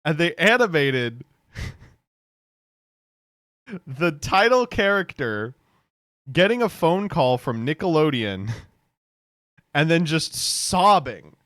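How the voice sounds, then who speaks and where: A man's voice: on the high side, very animated, slow, long pauses, fairly bright tone, no room sound, studio quality. A young man streaming, giving sardonic, incredulous reaction commentary with laughing asides.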